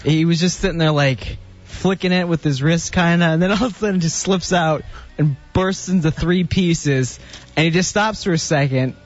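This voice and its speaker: A man's voice: fairly high pitch, moderate pace. A male radio co-host telling a funny story in an amused, chatty way. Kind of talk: anecdote on radio. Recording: dull radio broadcast with faint music.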